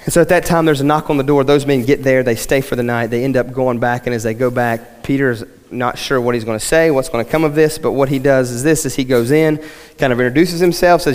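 A man's voice: fairly high pitch, fast talker. Man preaching in a reverberant sanctuary. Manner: conversational, building to emphatic. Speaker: pastor. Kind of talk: sermon. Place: church sanctuary. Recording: long hall reverb.

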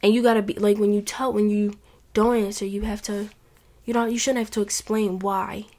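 A woman's voice: mid-range voice, level tone, normal speed, darkish tone. A woman hosting a casual advice talk from home, earnest and heartfelt, rambling with restarts. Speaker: podcast host. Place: home with family noise nearby.

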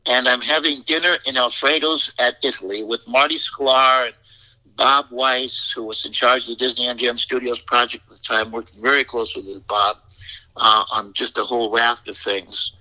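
A man's voice: mid-range voice, steady tone, normal speed, bright, forceful tone, poor audio. An older man telling a rambling personal story as an interview guest, repeating words and adding frank asides. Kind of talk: anecdotal storytelling.

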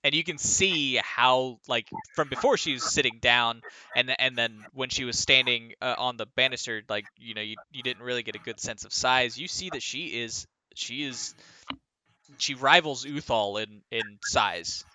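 Guy game master, crisp bright voice, dry close sound, lots of likes and ums. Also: mid-range voice, moderate pace, dry recording. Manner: animated, laughs often, many fillers. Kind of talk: narrating a tabletop game.

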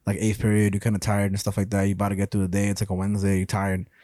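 A man's voice: fairly low pitch, completely flat delivery, racing, dark tone, no room sound, studio quality. A young man co-hosting a podcast in casual chat, rambling through stories with lots of swearing and laughter. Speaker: podcast co-host.

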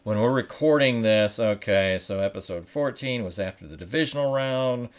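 A man's voice: lowish voice, normal speed, clear, resonant tone. A man co-hosting a podcast, rambling and correcting himself as he chats and jokes. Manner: rambling, self-correcting, joking. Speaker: podcast co-host. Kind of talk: casual chat.

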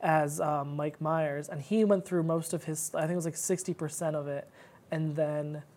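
A woman's voice: deep voice, steady tone, moderate pace, dark tone. A woman co-hosting a podcast in casual chat, reeling off facts and figures in a chatty way. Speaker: podcast co-host.

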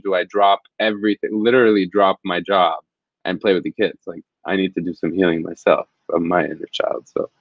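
A man's voice: low voice, no echo, lo-fi sound. A man, a field reporter, telling stories in an interview in an earnest, reflective, rambling way. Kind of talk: conversational interview storytelling.

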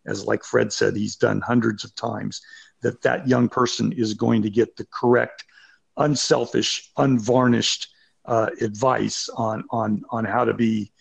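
A man who founded a sports management program, answering in a measured, halting way with fillers. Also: lowish voice, level tone, vocal fry, slightly rough. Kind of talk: conversational interview.

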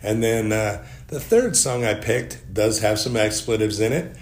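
A man's voice: fairly low pitch, a little slow, darkish tone. A man hosting a solo podcast, telling stories in a rambling, wry and joking way. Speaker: podcast host. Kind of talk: casual solo podcast monologue.

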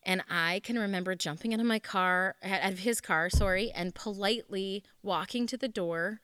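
A woman's voice: medium pitch, moderate pace, fairly bright tone, smooth, no echo, studio quality. Earnest woman telling a personal story. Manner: earnest, candid, conversational. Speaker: small group leader.

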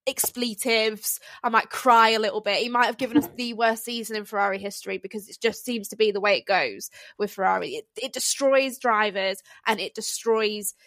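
A woman co-hosting a podcast, talking in an animated, opinionated way and quick to laugh. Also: fairly high pitch, dry recording. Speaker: podcast co-host. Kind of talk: casual chat.

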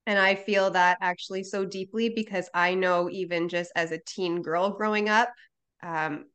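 A woman's voice: fairly low pitch, steady tone, moderate pace, a bit bright, clear, resonant tone. A woman in her thirties, a podcast host, chatting candidly about her own life in an interview. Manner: chatty, candid, many fillers.

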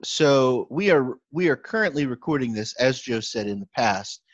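A man's voice: mid-range voice, normal speed, no room sound. A man, a pastor co-hosting a podcast, telling a story in casual chat with lots of laughter and restarts. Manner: animated storytelling, frequent laughter and self-restarts. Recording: slightly muffled, dry recording.

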